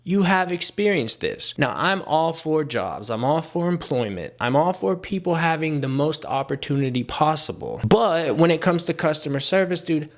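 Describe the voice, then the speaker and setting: A young man ranting casually to camera, exasperated and sarcastic, with filler-heavy talk. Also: on the high side. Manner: exasperated, sarcastic, mimics people he quotes. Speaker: vlogger.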